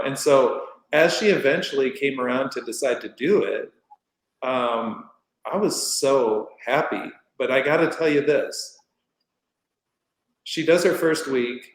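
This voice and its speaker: A middle-aged man tells a story at an easy, rambling pace, his voice sitting at an ordinary middle pitch. He slips into acted quotes as he goes. The sound carries a roomy echo. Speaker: podcast guest. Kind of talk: casual storytelling. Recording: roomy echoey room.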